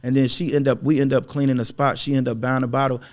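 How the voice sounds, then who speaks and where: A man, a door-to-door sales manager and podcast guest, telling a story in casual interview chat, animated and acting out the dialogue with frequent "you know what I mean?". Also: medium pitch, fast talker.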